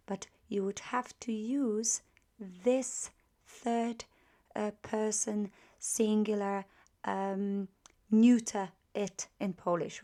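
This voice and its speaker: A woman teaching a grammar lesson, patient and methodical, repeating practice phrases slowly and with emphasis. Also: mid-range voice, mellow. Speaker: language teacher. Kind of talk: grammar lesson with spoken drills.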